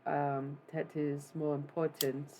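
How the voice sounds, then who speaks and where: A world-weary punk rock woman with a put-on German accent, played by a streamer channeling her live. She speaks slowly and haltingly, with gravelly fry in a voice that stays flat and hardly moves in pitch. Faint noise sits under the voice. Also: poor audio. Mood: wistful, defiant. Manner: slow, halting, reflective confession with many pauses.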